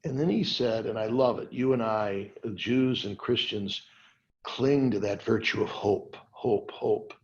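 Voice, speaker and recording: An older cardinal tells a scripture story with earnest, unhurried conviction. His voice sits low and has a gravelly edge. The video-call audio is dull and lo-fi. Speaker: cardinal, guest. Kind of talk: conversational livestream discussion.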